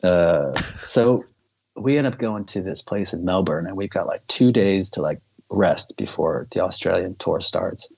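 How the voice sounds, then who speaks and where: A man's voice: deep voice, a little slow, gravelly, darkish tone, husky, highs cut off. A man, a band member and podcast guest, telling a long story in a casual, rambling way, full of "like" fillers and swearing.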